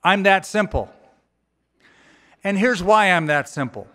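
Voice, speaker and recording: Pastor preaching in a reverberant church. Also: male voice, sits high, measured pace. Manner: conversational, folksy paraphrasing with animated quoted voices. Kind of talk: sermon. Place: church auditorium. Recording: church hall with long reverb.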